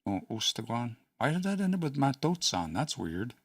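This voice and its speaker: A man's voice: medium pitch, big pitch swings, normal speed, no echo, studio quality, far from the mic. A man hosting a casual study session, thinking aloud with hesitant restarts and small chuckles. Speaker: host studying a language.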